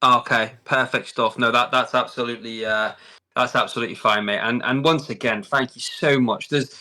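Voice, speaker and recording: A man's voice: mid-range voice, steady tone, normal speed, sharp tone. A man hosting a live stream, chatting casually and effusively, often repeating words as he talks. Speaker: host. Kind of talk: casual livestream chat.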